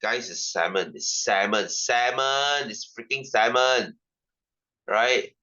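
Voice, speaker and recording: A man's voice: mid-range voice, takes it slowly, pushed and bright, lo-fi sound. A male science tutor with a Singaporean English accent, teaching an online class, repeating himself and firing rhetorical questions with ranting asides.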